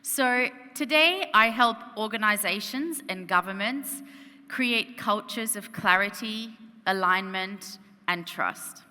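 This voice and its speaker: A woman delivers a keynote from a conference stage, telling her story in an animated way and asking the audience questions. Her voice is bright and forward. The sound rings with a long reverb from the hall. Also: medium pitch, slow, clean tone. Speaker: keynote speaker.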